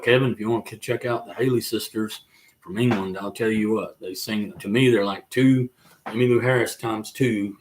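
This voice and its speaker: An older man with a Southern accent from the North Carolina mountains, hosting a casual live chat in a folksy, rambling way with drawn-out fillers. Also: fairly low pitch, fairly bright tone. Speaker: livestream host and musician.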